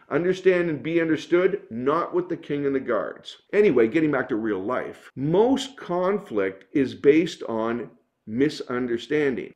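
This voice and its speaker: A man's voice: medium pitch, a little mellow. A man who works as a business consultant and trainer gives an instructional talk in an emphatic, explanatory way. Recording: dull lo-fi recording.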